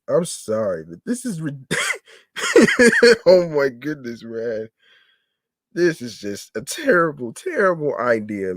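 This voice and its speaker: A male podcast host reads an article aloud and keeps breaking off to react in disbelief, his pitch leaping up and down in a very lively way. He talks at an unhurried, slow pace, restarting and repeating words as he goes. The sound is close and dry, with no room echo. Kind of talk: reading news aloud with incredulous commentary.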